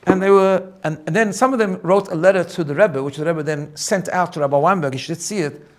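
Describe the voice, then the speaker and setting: Fast-talking rabbi telling a story. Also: male voice, high-pitched. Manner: animated, repeats words when excited. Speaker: rabbi teaching personal growth. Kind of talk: storytelling talk.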